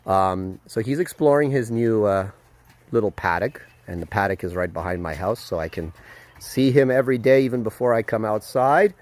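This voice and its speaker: A man vlogging casually outdoors at a horse paddock, excited and chatty, with lots of fillers, filmed on a handheld phone. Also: fairly low pitch, normal speed. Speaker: vlogger, dog trainer. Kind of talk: casual vlog to camera.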